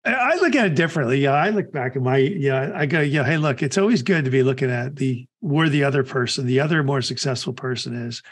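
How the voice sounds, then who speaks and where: A man's voice: mid-range voice, expressive, fast, few pauses, husky. A middle-aged man hosting a podcast, talking casually and upbeat, often restarting his sentences. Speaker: podcast host. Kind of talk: casual chat.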